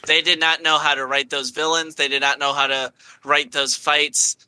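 Podcast co-host, male, bright, opinionated, dry close mic. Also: a little high, level tone, normal speed, smooth, no room sound, rough recording. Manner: opinionated, emphatic complaining. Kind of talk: casual film chat.

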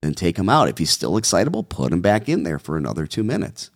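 A man's voice: low-pitched, wildly swooping pitch, fast talker, creaky, dry recording, clean studio sound. A man, a dog trainer, answering viewer questions in a direct, coaching way and repeating key instructions.

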